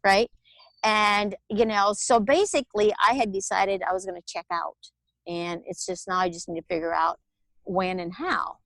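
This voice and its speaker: A woman's voice: mid-range voice, moderate pace, no room sound. Candid Midwestern woman telling her story. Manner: candid, animated storytelling with laughs and acted-out quotes. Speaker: guest, author and alternative healer. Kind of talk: personal story in an interview.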